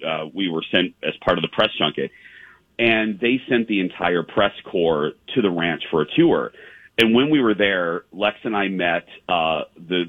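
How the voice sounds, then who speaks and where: A deep-voiced man hosts a casual show, rambling through a long story full of fillers and restarts. There's no room sound, and the line is dry and tinny, like a phone.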